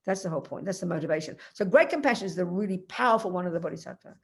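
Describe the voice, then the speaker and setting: A woman teaching Buddhist philosophy in an emphatic, animated way, telling stories and addressing her students by name. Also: on the low side, very fast, creaky. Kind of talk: Dharma teaching.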